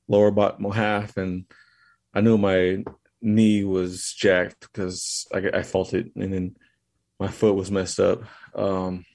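A man as a podcast guest, casually telling a story in a halting, loose way. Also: lowish voice, darkish tone, no echo. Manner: halting, loose retelling of events.

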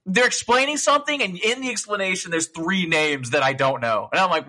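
A young man co-hosting a gaming podcast, retelling game scenes in an animated rush. His voice is bright and sits a little high. He swears freely and breaks into laughter. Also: fairly quick. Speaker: podcast co-host. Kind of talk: casual gaming chat.

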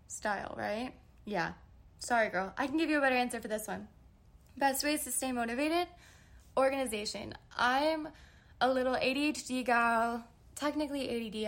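A woman in her twenties hosting a casual solo podcast, answering listener questions in a candid, rambling way, trailing off and correcting herself. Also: on the high side. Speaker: podcast host. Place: New York.

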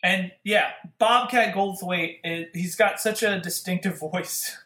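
High bright excitable man in a roomy space. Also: unhurried. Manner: excitable, laughs easily. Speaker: podcast co-host. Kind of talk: casual movie discussion.

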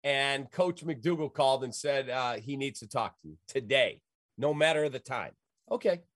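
A man's voice: mid-range voice, moderate pace, dry recording. A middle-aged man from the Chicago area, telling a story in casual talk and acting out the voices of the people in it. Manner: lively, acts out quoted voices.

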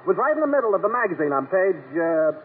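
A man as the announcer in a 1940s radio comedy, earnest and flattering, heard on an old broadcast recording. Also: high voice, quick pace, narrow, tinny audio, heavy background noise.

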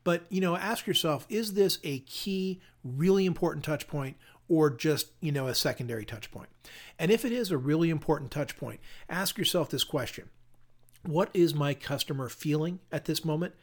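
A man's voice: on the high side, expressive, normal speed. A middle-aged man hosting a solo podcast, coaching listeners on customer service in an upbeat, question-filled way.

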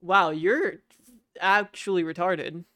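A man's voice: sits high, slow pace, pushed and bright, no room sound. Teasing young man, plain dry voice. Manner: teasing, blunt, swears casually. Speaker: podcast co-host. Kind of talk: casual chat.

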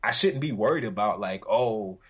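Southern-accented man, low voice, casual rambling. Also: moderate pace, slightly rough. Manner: rambling storyteller, many fillers and restarts. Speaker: podcast co-host. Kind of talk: casual chat.

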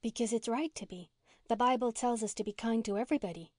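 A woman voicing a gentle, earnest young minister's daughter who speaks softly and tenderly, read for a storybook. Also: on the high side, fast talker, no echo, studio quality, lightly acted. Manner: soft, tender and pleading.

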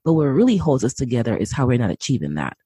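A podcast host speaking calmly and reflectively, encouraging the guest. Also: medium pitch, fast, breathy edge, no room sound. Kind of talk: interview conversation.

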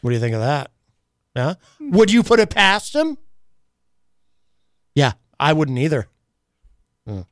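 Male radio host, playful and teasing, animated. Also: a little high, unhurried, pauses often, no echo, studio quality. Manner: playful, mock-dramatic, teasing. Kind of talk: casual radio chat. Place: radio studio.

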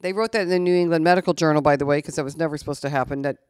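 An older woman with a lowish, smooth and clean voice talks candidly in a relaxed podcast chat. She tells her stories plainly and keeps circling back with little "anyway"s. The sound is close and dry, with no room around it. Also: racing, no echo. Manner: candid, chatty, drifts with "anyway" and "so". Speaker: guest, podcast host's mother. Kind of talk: casual conversational storytelling.

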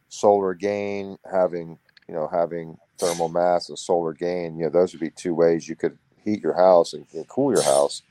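A man's voice: low voice, warm tone. A man, hosting a casual conversation and telling rambling stories. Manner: rambling storyteller. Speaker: podcast host.

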